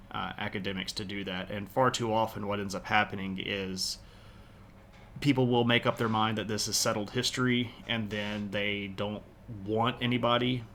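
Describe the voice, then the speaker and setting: A man's voice: fairly low pitch, a bit bright, slight background noise. A man chatting casually on a history livestream, rambling with many fillers and restarts. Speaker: history streamer.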